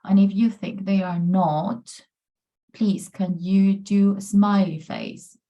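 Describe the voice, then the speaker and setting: Woman, pronunciation coach on a video call, slow and encouraging delivery. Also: mid-range voice, fairly even intonation, warm tone, highs cut off. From Peru. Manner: upbeat, encouraging, often says amazing and brilliant. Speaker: pronunciation coach presenting a workshop. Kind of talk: online presentation.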